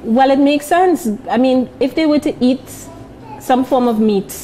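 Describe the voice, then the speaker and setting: A woman co-hosts a morning show in casual, upbeat chat, her voice a little high. She steers the talk and the cooking, over a faint hum of studio noise. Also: a little slow, dark tone, rough recording. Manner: upbeat, leads the segment and the cooking.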